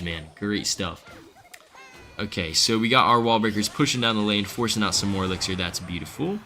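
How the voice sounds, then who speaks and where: Young male streamer, bright voice, lowish pitch, faint music under it, casual and excitable. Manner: casual, excitable, chats with viewers. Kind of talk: live gameplay commentary.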